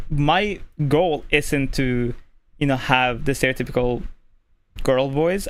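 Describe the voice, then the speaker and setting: A streamer from Norway with a male-sounding voice, casually explaining voice tips at a desk mic, keeping the voice relaxed and filling pauses with "like". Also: medium pitch. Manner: relaxed, deliberately easy on the voice, lots of "like" fillers. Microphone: desk microphone.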